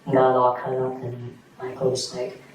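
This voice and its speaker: A man recounting events in a recorded police interview, speaking quietly and haltingly with many fillers. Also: medium pitch, monotone. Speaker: suspect recounting a crime. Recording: echoey distant room mic with noise.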